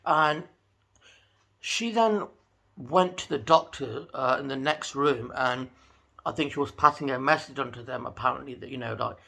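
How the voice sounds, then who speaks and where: Gravelly, bright-voiced man vlogging. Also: mid-range voice, normal speed. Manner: chatty, animated storytelling. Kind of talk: casual talking-to-camera vlog.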